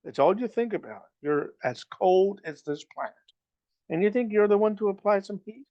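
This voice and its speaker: A man voicing a cocky, gruff smuggler who teases and scolds in a storybook reading. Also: high voice, lively intonation, moderate pace, lo-fi sound, pitched above the performer's own voice. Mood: teasing. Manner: gruff, stern, teasing. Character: cocky roguish male smuggler, gruff and teasing.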